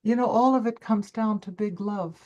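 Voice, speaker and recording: An older woman, a coach and former stage performer, telling her life story in an interview with emphatic, expressive delivery and quoted self-talk. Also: medium pitch, normal speed, dull audio. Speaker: summit guest speaker, coach.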